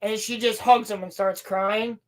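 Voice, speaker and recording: A woman's voice: medium pitch, steady tone, a little slow. A woman recapping a show in a casual, sarcastic rant, swearing often and acting out scenes. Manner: sarcastic, swears a lot, acts out scenes in voices. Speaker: podcast co-host.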